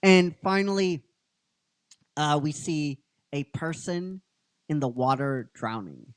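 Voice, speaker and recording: Casting: unhurried male host, rambling recap, lively pitch, lots of fillers. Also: clear, resonant tone, dry recording. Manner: rambling, filler-heavy, keeps asking "right?". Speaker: podcast host and episode writer. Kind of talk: casual chat recapping a story.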